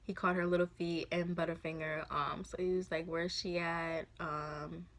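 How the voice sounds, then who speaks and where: A woman in her twenties tells a personal story in a casual vlog, speaking softly and haltingly with many fillers. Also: on the low side, little pitch movement. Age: 20s. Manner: soft, halting, full of fillers. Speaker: vlogger.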